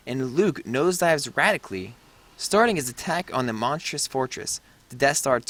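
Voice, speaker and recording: A man's voice: mid-range voice, a bit bright. A man reading the stage directions aloud in a casual script read-through, stumbling over words now and then. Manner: reads haltingly, stumbles on words.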